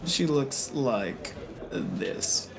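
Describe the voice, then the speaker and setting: A man narrating a tabletop game as game master, playful and animated. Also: mid-range voice, extremely slow, gravelly, crowd noise.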